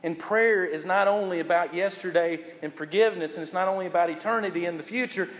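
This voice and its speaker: A man delivers a sermon in a fairly high voice, pressing key phrases with slow, drawn-out emphasis. His words ring out with a long reverb, as if spoken in a large church hall. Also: a bit bright. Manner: preaches with rising emphasis and slow repeated phrases. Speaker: pastor.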